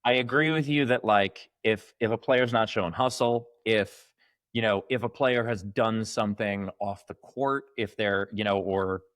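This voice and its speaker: A man with a lowish voice makes his case on a podcast, pressing his points hard and sometimes belting out a mock cheer. The sound is dry and close, with no room around it. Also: moderate pace, a bit bright, dry recording. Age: late 30s to early 40s. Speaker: podcast co-host. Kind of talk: casual opinion chat.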